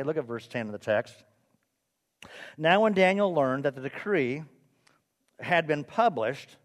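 In a sermon to his church, a pastor with a higher-pitched male voice fires questions at the congregation, chats with them, and pokes fun at himself. The hall's long reverb trails after his words.

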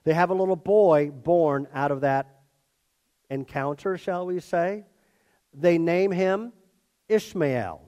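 A man's voice: a little high, takes it slowly, long pauses. A man preaching a conversational sermon and acting out the characters in his story. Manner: expressive, conversational, acts out characters. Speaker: pastor.

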